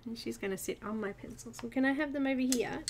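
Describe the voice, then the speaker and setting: A woman's voice: a little high, quick pace, noisy background. A middle-aged Australian woman hosting a live coloring stream, chatting casually, giggling often and cooing at her cat. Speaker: livestream host.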